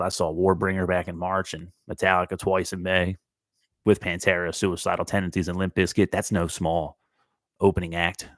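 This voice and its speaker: A man's voice: low voice, no echo, clean studio sound. A man hosting his own podcast, telling a story in a laid-back, rambling way, with frequent profanity. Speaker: podcast host. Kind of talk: casual storytelling monologue.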